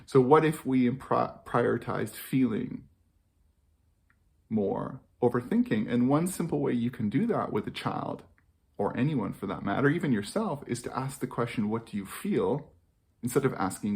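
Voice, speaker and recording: A man's voice: mid-range voice, animated, normal speed, gravelly. A man talking earnestly to camera about parenting, repeating key phrases for emphasis. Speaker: parenting educator. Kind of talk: reflective talk to camera.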